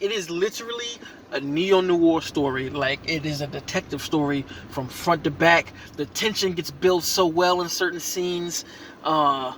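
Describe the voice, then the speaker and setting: A man giving an excited, rambling reaction review of a movie he just saw, full of slang and restarts. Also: high-pitched, slight background noise.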